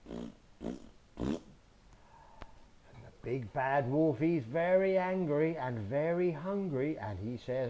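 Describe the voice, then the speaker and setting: Man, storyteller, picture book for kids, slow and expressive, lively pitch, sound effects. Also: dull audio. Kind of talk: reading a picture book aloud to children.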